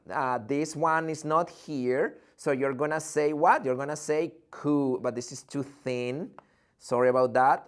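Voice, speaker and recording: Man, online English teacher, playful, theatrical, video call. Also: mid-range voice. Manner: playful, theatrical, jokes and acts out student questions. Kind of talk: live online English lesson.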